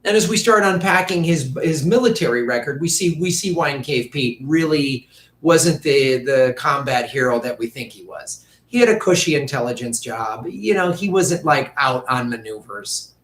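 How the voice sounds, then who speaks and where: A man ranting through casual political commentary, profane and mocking, slipping into quick impressions of politicians. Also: mid-range voice, lively intonation, a bit bright, reverberant.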